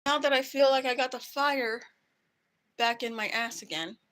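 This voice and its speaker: Woman, vlogger, angry rant to camera, swearing, raised pitch, bright forceful tone. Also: fairly even intonation, moderate pace. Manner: heated, profane venting.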